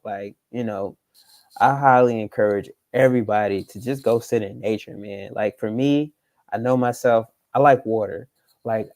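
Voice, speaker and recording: A man's voice: lowish voice, dark tone, dry recording. A man chatting casually while driving, laid-back and rambling, full of slang fillers. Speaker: vlogger. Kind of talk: casual chat. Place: car in traffic.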